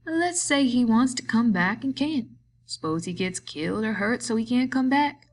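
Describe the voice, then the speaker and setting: A woman voicing a bitter, lonely man who taunts a friend, in a slow, drawling rural way of talking. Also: a little high, animated, a little hiss or hum, voice pushed up, lightly acted. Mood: taunting.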